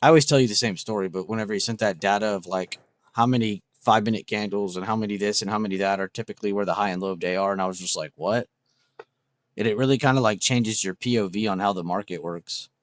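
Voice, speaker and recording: Casual, profane young livestream host. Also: male voice, lowish voice, quick pace, no echo. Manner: casual, profane, enthusiastic, reacting to chat.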